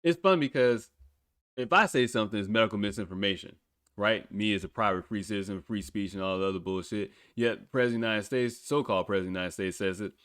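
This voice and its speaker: A man hosting a podcast, talking casually in a blunt, profane way and breaking into laughs. His voice sits fairly low. The sound is dry and close, with no room echo. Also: quick pace, fairly bright tone, smooth. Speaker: podcast host. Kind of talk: casual talk.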